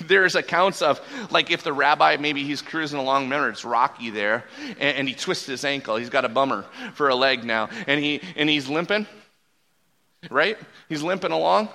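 A man's voice: medium pitch, moderate pace, gravelly, pushed and bright. A man in his forties preaching a sermon as a pastor, casual and joking, often restarting his sentences. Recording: long reverb from a large hall.

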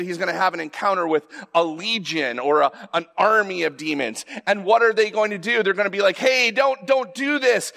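Preaching conversationally and without a script, a pastor with a gravelly voice that sits high for a man often restarts or repeats words. His emphasis rises as he climbs into louder, more forceful passages.

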